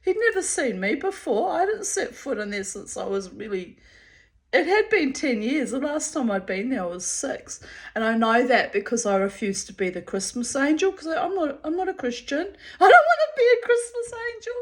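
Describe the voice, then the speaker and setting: Kiwi woman telling a funny story, fairly high voice, self-mocking. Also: normal speed. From New Zealand. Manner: animated, self-mocking, often laughing. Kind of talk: casual anecdote.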